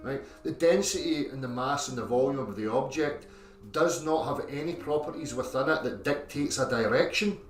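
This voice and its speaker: A man's voice: mid-range voice, normal speed. A man explaining a theory step by step in a lecture style, constantly checking in with "okay?" and "right?". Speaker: video presenter. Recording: echoey, distant clip with music.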